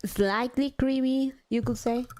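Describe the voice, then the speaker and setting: A woman's voice: high voice, fairly even intonation, unhurried, darkish tone. A young adult woman live streaming, chatting casually, swearing now and then and poking fun at herself. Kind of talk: casual chat while gaming.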